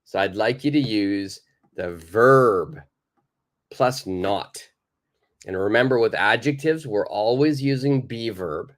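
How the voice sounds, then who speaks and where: A male English teacher giving a live online grammar lesson. He speaks slowly and patiently, repeating key points. His voice rises and falls a great deal as he stresses each point. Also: mid-range voice. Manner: slow, explaining patiently with many repeats; reads out and answers viewer questions.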